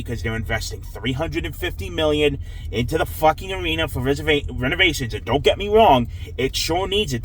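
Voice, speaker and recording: A man's voice: a little high, slight background noise, rough recording. Frustrated New man ranting. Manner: frustrated, swearing, dejected. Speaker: hockey fan vlogger. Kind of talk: angry post-game rant.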